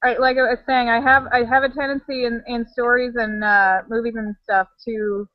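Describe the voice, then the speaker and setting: A woman's voice: on the high side, little pitch movement, normal speed, no echo, muffled recording. A woman co-hosting a casual video-call chat at home, rambling with fillers. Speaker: livecast co-host. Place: home with dogs barking. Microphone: webcam video call.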